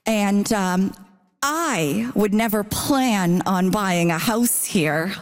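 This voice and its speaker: A woman's voice: mid-range voice, drawn-out words, background noise. A woman from Ontario arguing on a comedy panel, teasing and chatty, peppered with "you know". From Ontario, Canada.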